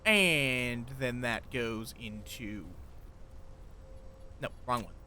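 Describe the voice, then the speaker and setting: A man's voice: medium pitch, animated, very slow, sharp tone, slight background noise. A man casually commenting on his live game stream, chatty and thinking aloud, greeting viewers as he builds.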